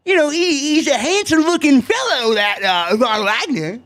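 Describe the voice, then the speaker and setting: New york guy ranting about wrestling, high voice, bright and loud, swears constantly. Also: lively intonation, normal speed. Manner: loud, sarcastic, swears a lot, shouts often. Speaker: wrestling show reviewer. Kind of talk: animated profane show review rant.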